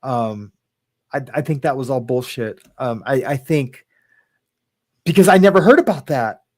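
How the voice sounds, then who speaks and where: A man's voice: medium pitch, expressive, normal speed. A man hosting a casual talk show, rambling and hesitant, with lots of fillers and restarts and some casual swearing. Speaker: podcast host. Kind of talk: casual chat.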